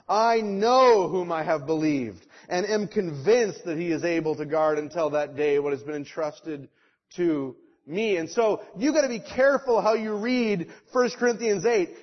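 A man's voice: high voice, moderate pace. A man preaching a sermon, emphatic and rhetorical, slipping briefly into mocking voices of the people he quotes. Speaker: pastor. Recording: dull lo-fi sound.

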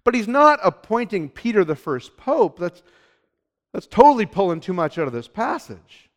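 A male pastor delivering a sermon with a fairly high voice. He is emphatic, dropping to quiet, low phrases and then building to loud, urgent declarations. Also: big pitch swings, normal speed. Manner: emphatic, swings from hushed to loud.

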